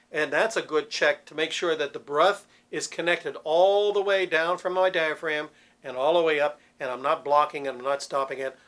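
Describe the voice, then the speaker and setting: Male vocal coach, fairly high speaking voice, patient explanatory teaching. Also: fairly bright tone. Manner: patient, explanatory, demonstrates vowel sounds on scales. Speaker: vocal coach for church cantors. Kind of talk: instructional talk with sung demonstrations.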